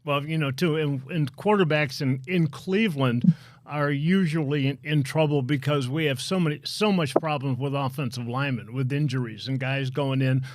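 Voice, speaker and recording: A man who used to play, speaking plainly and haltingly on a live football panel. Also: a little high, no echo. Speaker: former player, panelist. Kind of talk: live sports talk panel.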